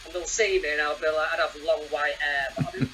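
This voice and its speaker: A man, a guest telling rambling, animated stories in a casual chat. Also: on the high side, fast, soft background music, poor audio. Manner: animated, rambling storyteller who acts out voices.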